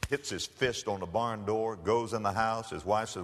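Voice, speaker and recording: A man preaching a sermon, telling a story dramatically and swinging between loud and hushed. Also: lowish voice, steady tone, moderate pace, long reverb tail, slight background noise.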